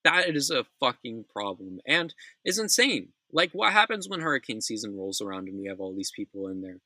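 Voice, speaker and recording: A man's voice: medium pitch, sing-song, a little fast, few pauses, pushed and bright, dry recording, rough recording. A young man hosting a casual news commentary show, blunt, opinionated and profane, often restarting his sentences.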